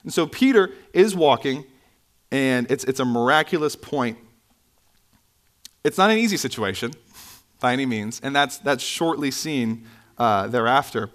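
A man preaching a sermon in a church, conversational with asides and self-corrections, his pitch jumping up when he stresses a point. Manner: animated, pitch swinging up for emphasis. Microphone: microphone, sometimes bumped.

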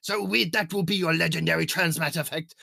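A man doing a gravelly hammy pirate captain. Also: on the high side, steady tone, fairly quick, pushed and bright, no room sound, clean studio sound, exaggerated voice. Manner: growls "arr" constantly, hammy and bossy. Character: gruff male pirate captain reading a store list. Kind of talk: goofy pirate voice bit.

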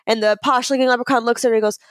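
A woman's voice: on the high side, very fast, no echo. A woman co-hosting a casual podcast, playfully telling a long joke. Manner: playful, animated storyteller. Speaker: podcast co-host.

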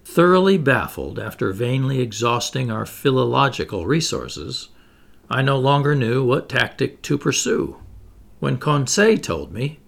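Gravelly, lively male audiobook narrator. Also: mid-range voice, a little slow.

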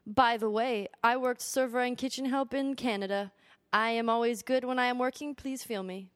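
A woman voicing an earnest young male job applicant with a Korean accent, reading his letter in halting broken English. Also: on the high side, steady tone, no room sound, clean studio sound, lightly acted.

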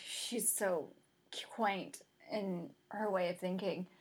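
Breathy, chatty woman. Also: on the low side, fairly even intonation, slow pace. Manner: chatty, laughs often, rambling tangents. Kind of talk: casual chat.

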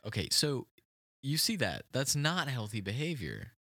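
A man's voice: medium pitch, very animated, a little slow, bright, forceful tone, slightly rough, dry recording, studio quality. A man hosting an improvised comedy podcast, flustered and incredulous as he talks with a strange guest. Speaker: podcast host.

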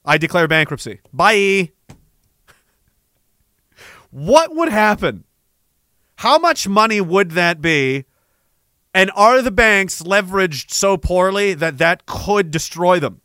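A man delivering a sarcastic, profane satirical rant as an online commentator, slipping into a mock bank-salesman pitch. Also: big pitch swings, slow pace, fairly bright tone, clean tone, dry recording, studio quality. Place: Canada.

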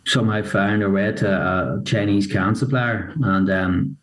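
Man, lowish voice, loose rambling interview chat, lots of fillers. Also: fairly even intonation, a little slow, poor audio. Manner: rambling, many fillers and restarts. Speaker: whiskey brand co-founder. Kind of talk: casual interview talk.

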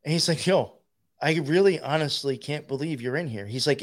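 A man's voice: fairly high pitch, moderate pace. A man telling a rambling, profane story in casual conversation, laughing as he goes. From New York.

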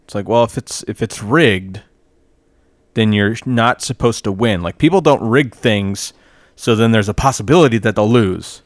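A man's voice: on the low side, moderate pace, dry recording. A man co-hosting a podcast in casual political chat, blunt and profane, leaning on "like" as filler. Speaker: podcast co-host.

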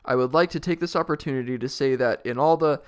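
A man's voice: mid-range voice, fast talker, clean tone, natural voice. A man reading the lines of a timid, polite young boy from a storybook, hesitant and careful.

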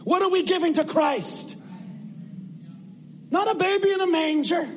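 A man's voice: very high voice, unhurried, lo-fi sound, a little hiss or hum. A man preaching a sermon in an earnest, conversational way, asking his listeners rhetorical questions.

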